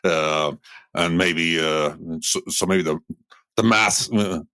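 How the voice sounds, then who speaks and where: A very low-pitched man from Ireland co-hosting a podcast. He teases his guest in a wry way and pauses to hesitate, and his voice sounds dry and close. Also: sharp tone, clean tone, no room sound. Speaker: podcast co-host. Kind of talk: conversational interview.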